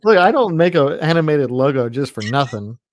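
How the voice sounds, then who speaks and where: A man on a live stream chat, speaking with a dry, deadpan humor. His voice sounds plain and close, with no room around it. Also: fairly high pitch, fairly quick, dry recording. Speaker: show co-host. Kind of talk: casual live-chat banter.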